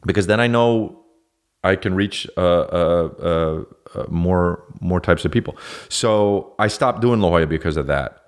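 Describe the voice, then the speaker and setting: A man's voice: low voice, unhurried, clean tone. A man hosting a podcast, rambling through a profane, self-mocking comedic monologue that keeps going off track. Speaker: podcast host.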